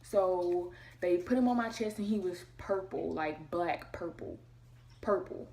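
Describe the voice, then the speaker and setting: A young woman telling a personal story to her camera, talking fast and acting out what people said. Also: fairly low pitch, a little mellow. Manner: fast, emotional retelling, acting out quotes. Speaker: vlogger.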